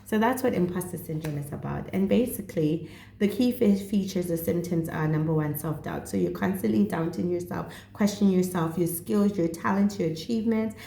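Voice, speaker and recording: Woman, 30s, Setswana accent, vlogger; mellow, gravelly delivery in a roomy echo. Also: lowish voice, fairly quick, slight background noise. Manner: earnest, chatty, slips into Setswana. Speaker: mental health vlogger. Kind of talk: casual direct-to-camera talk.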